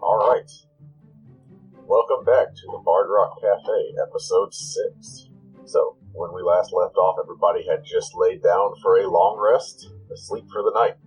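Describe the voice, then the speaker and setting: A man narrating a tabletop game as game master, relaxed and descriptive. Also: low-pitched, a little slow, faint music behind, rough recording.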